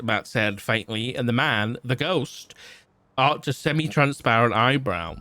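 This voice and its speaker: A man at a mid pitch reads a fan story aloud on his stream. The sound is close and dry, with no room around it. He stumbles, backtracks and breaks off for casual side remarks between passages. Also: moderate pace, bright, forceful tone, dry recording.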